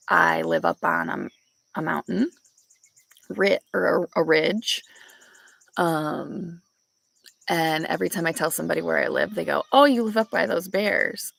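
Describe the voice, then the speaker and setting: Gravelly woman chatting on her porch. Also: sits low, fairly bright tone. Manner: chatty, storytelling, laughs often. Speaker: vlogger. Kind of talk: casual chat with live viewers. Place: back porch outdoors.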